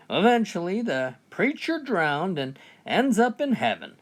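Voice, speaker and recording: Brief: male joke teller, folksy and animated, easygoing build-up to each punchline. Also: on the high side, a little slow, few pauses. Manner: folksy delivery, often opening lines with "well". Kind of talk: told jokes, comic storytelling.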